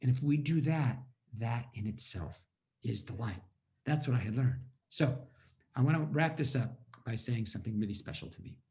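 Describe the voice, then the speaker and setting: A man's voice: mid-range voice, expressive, normal speed, darkish tone. A man giving an inspirational storytelling talk over a video call at a community holiday event, acting out his own past thoughts.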